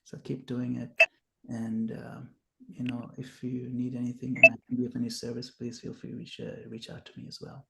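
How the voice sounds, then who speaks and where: A man gives devotional teaching in a reassuring, explanatory way, patient and encouraging. His voice carries a gravelly texture at an ordinary pitch. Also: monotone, brisk, noisy background. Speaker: class teacher.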